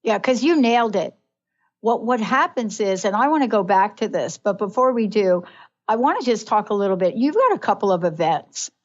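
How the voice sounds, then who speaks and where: A woman's voice: mid-range voice, animated, normal speed. A woman hosting a radio talk show, talking in a reflective way and often checking in with her listener. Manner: reflective, keeps asking "right?". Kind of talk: casual radio chat. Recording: slightly dull lo-fi sound.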